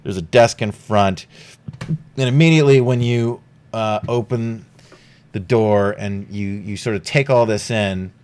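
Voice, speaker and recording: A man's voice: fairly low pitch, measured pace, a little mellow, smooth. A man narrating a tabletop game as game master, casual and rambling with lots of fillers and swearing.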